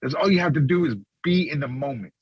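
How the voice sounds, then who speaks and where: A man's voice: fairly high pitch, fast, slightly rough, dry recording, muffled recording. A man co-hosting a podcast, talking in a fired-up, profane, preachy way. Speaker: podcast co-host. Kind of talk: casual podcast chat.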